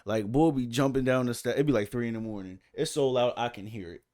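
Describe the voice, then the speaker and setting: A man who is a musician and podcast guest, telling animated, profane stories in casual chat and acting out other people's lines loudly. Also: medium pitch, quick pace. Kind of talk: casual storytelling.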